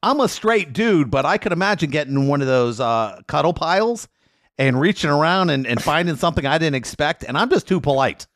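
Male guest, lively storyteller, jumps into loud character quotes, dry close mic. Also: on the high side, brisk, dry recording. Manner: animated, acts out quotes in loud voices. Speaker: lawyer and guest. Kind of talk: casual storytelling chat.

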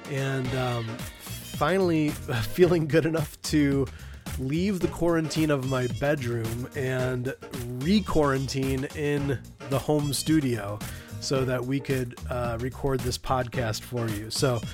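A man hosts a podcast from his home studio, his voice stuffy and nasal from a cold. He speaks into a studio mic, and soft music plays quietly behind him. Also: mid-range voice, slow. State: congested, nasal from illness. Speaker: podcast host. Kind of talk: podcast hosting.

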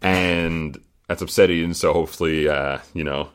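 Deep-voiced chatty podcast host man. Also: steady tone, normal speed, clear, resonant tone. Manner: chatty, laughs often, swears casually. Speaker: podcast host recapping a reality show. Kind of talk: casual chat.

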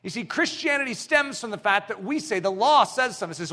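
A man preaching a sermon, emphatic, swinging from shouted lists to hushed lines. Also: high-pitched, quick pace, hardly any pauses.

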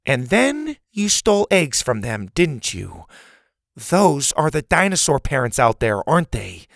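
A defiant young boy camper, played by a man, his voice raised above the narrator's own pitch. He speaks in an accusing, confrontational way in a dry, close storybook reading. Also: huge pitch swings, unhurried, vocal fry, a bit bright, no echo, heavily acted.

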